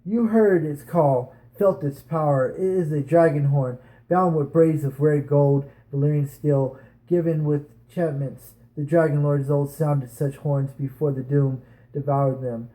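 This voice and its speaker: A man's voice: a little high, steady tone, unhurried, dark tone, natural voice, poor audio. A man voicing a boastful, ambitious pirate king in an amateur book reading, proclaiming grandly in his own voice.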